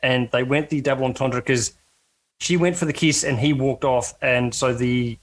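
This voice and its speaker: A man's voice: medium pitch, fairly even intonation, moderate pace. A man co-hosting a casual film-review podcast, with a dry, wry way of telling anecdotes. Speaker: podcast co-host.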